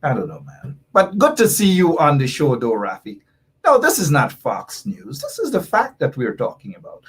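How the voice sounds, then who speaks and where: Husky emphatic male talk show host. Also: a little high, huge pitch swings, normal speed. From Guyana. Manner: emphatic, repeats points, reads viewer comments aloud. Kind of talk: political talk show commentary.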